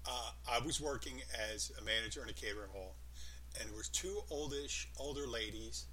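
A man's voice: medium pitch, fairly quick, pushed and bright, a little hiss or hum, rough recording. A man in casual chat, telling rambling stories with lots of emphasis.

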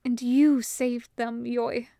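A woman voicing a shaken young man who speaks in a breathy, hushed voice. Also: a little high, flat delivery, takes it slowly, no echo, studio quality. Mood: hushed guilt.

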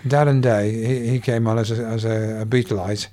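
A man's voice: mid-range voice, fairly even intonation, normal speed, dark tone. An older man, a comedian guest chatting in an interview and spinning anecdotes and gags. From England. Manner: gag-telling storyteller, slips into quoted voices. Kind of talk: anecdotal chat.

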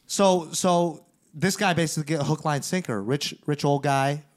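A man hosting a podcast, telling a story in casual chat, animated and profane, acting out the lines of the people in it. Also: fairly high pitch, normal speed. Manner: animated, profane, acts out quoted dialogue. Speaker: podcast host.

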